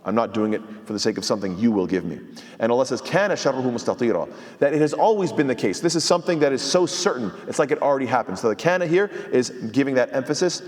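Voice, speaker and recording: A man's voice: medium pitch, lively intonation, fast talker, long reverb tail. A man, an imam, giving a sermon-style commentary on scripture, explaining step by step, quoting Arabic and asking rhetorical questions.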